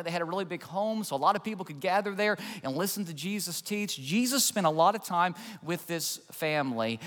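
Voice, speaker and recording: A man's voice: high voice, a bit bright, big-room sound. A male pastor preaching a sermon in a conversational storytelling way, asking his listeners questions.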